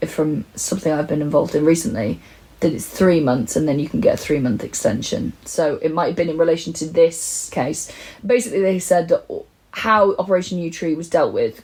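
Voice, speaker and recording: A British woman with a fairly low voice co-hosts a comedy true crime podcast in relaxed conversation. She retells events in detail, swears freely and leans hard on her outrage. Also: low-quality recording. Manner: recounts quotes with outraged emphasis, swears freely.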